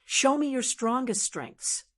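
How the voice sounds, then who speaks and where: A woman's voice: high-pitched, lively intonation, slow pace, pitched above the performer's own voice, heavily acted. A woman reading an audiobook voices an elder who formally announces the rules of a tournament. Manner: announcing loudly. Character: presiding sect elder, male, commanding.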